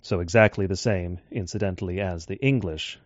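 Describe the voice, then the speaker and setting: Man, low voice, measured scripture lecture, dry dull audio. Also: no echo. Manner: measured, explanatory, slows to quote texts. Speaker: Bible teacher.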